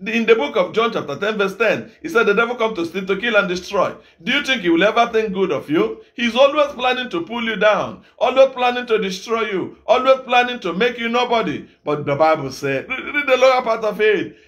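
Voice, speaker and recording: A man from Nigeria, an evangelist preaching a sermon, scolding his listeners with rhetorical questions and now and then breaking into shouts. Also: high-pitched, animated, brisk, few pauses.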